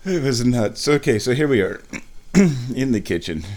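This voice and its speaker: A man hosts a casual vlog from his house, making tea in the indoor kitchen and playfully talking to himself as he works, humming along. His voice sits at a medium pitch with a darkish tone, delivered in an animated way at a normal speed.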